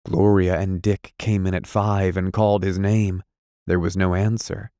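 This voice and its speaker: Man, audiobook narrator, lowish voice, dry close recording, measured delivery. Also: little pitch movement, mellow, no room sound. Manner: measured, deliberate reading. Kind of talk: scripted narration.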